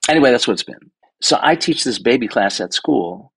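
A man in his sixties, a guest photographer telling stories in a casual interview, animated, swearing freely and acting out the people he quotes. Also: mid-range voice, brisk, creaky, husky, no room sound, low-quality recording. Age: 60s.

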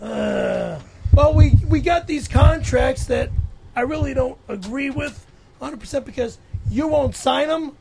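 A man's voice: very high voice, measured pace, creaky, exaggerated voice. A man playing a brash, foul-mouthed Italian-American podcast regular who squabbles and swears, with a Brooklyn accent. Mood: grumbling. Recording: noisy background.

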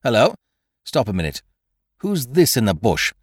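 A man's voice: mid-range voice, sing-song, moderate pace, no echo, studio quality. A man voicing a cool, commanding detective who speaks in a cold, clipped way. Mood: urgent. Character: cool, commanding male detective, middle-aged.

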